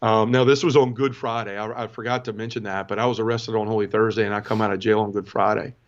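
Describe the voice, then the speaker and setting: A man's voice: lowish voice, flat delivery, fast talker. A man in his forties, a podcast guest, telling a personal testimony in an earnest, conversational way and often turning to the host. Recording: dull lo-fi sound.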